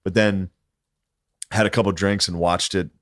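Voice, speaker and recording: A man's voice: low-pitched, steady tone, moderate pace, no room sound, clean studio sound. A man who is a comedian guest on a podcast, talking in a laid-back, self-deprecating way and swearing casually. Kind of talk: casual chat.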